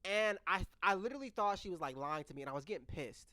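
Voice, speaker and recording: A man in his twenties telling a personal story in a casual, animated way, laughing often, stumbling and restarting, swearing freely and talking straight to his viewers. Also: high-pitched, quick pace, no echo, clean studio sound.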